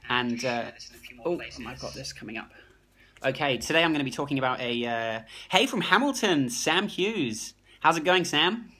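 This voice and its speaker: A man with a New Zealand accent, talking fast and excitedly on a phone live stream, reading out comments and restarting his sentences. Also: medium pitch. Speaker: productivity blogger hosting a live stream.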